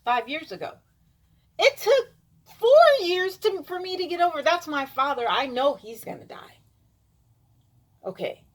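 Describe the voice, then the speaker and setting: A woman's voice: very high voice, big pitch swings, a little slow, long pauses. A woman vlogging an emphatic, insistent opinion monologue, repeating herself for emphasis.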